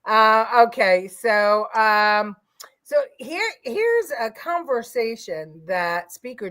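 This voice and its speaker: A woman's voice: medium pitch, a bit bright. A middle-aged woman co-hosting a casual political chat, talking in an opinionated, rambling way with many fillers. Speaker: co-host of a political livestream.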